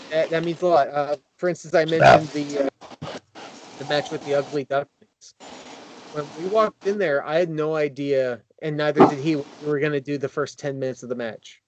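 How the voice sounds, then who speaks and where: Brief: male wrestler on a podcast panel, eager and rambling, a touch high, noisy line. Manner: excited, rambling, many fillers and restarts. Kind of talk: casual roundtable chat.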